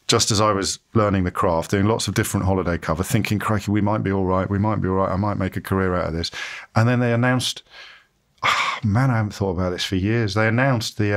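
A man with a lowish voice, chatting through his career stories. He is self-deprecating and lively, slipping into other people's voices as he quotes them. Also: fairly quick. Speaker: interviewee, radio presenter. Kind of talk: casual interview storytelling.

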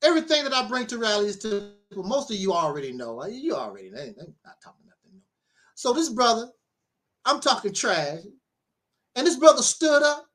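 A man's voice: very high-pitched, fairly quick. A middle-aged man, a minister, giving a casual spoken monologue, telling stories with frequent laughter and preachy asides. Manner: animated storyteller, laughs often, preachy asides.

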